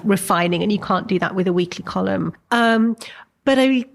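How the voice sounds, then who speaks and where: An English woman in her forties, a novelist answering interview questions thoughtfully and often asking questions back. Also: medium pitch. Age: 40s. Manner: thoughtful, poses strings of questions.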